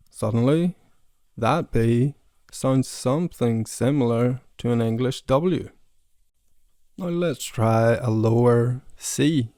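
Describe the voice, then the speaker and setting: A man's voice: medium pitch, slow, warm tone, dry recording, clean studio sound. A man who is a language learner, giving a casual pronunciation lesson and repeating sounds to demonstrate them.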